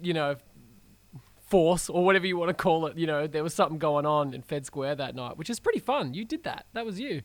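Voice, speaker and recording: A man's voice: a little high, animated, fairly quick, no room sound. A man hosting a casual podcast chat, reacting with playful joking asides.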